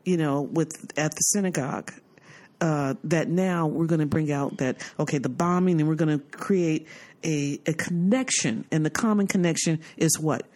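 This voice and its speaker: A woman's voice: low voice, moderate pace. An American woman hosting a podcast in casual chat, telling stories and acting out family members as she goes. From United States. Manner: animated storyteller who acts out family members. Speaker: podcast host.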